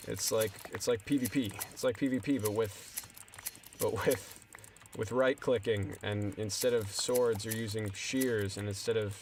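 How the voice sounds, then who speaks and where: With a bit of noise in the background, a young man with a lowish voice streams his gameplay. He talks loosely and at length to his viewers, often making fun of himself.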